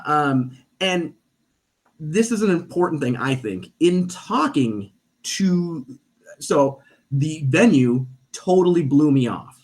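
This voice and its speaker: A fairly high-pitched man speaks slowly as a podcast guest, spinning a story in casual conversation. He's an animated stage performer who acts out the voices of the people he quotes.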